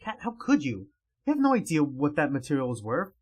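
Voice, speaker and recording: Guy doing an angry fussy young man, demanding, raised voice, lively. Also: fairly high pitch, fairly quick, husky, heavily acted. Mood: outraged. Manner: indignant, demanding.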